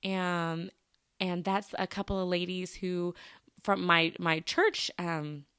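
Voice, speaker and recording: A woman's voice: on the low side, steady tone, slow pace, fairly bright tone, clear, resonant tone, dry recording, clean studio sound. A young adult woman hosting her own podcast, chatting casually in a bubbly, upbeat way with frequent laughs and happy exclamations. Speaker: podcast host. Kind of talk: casual solo podcast chat.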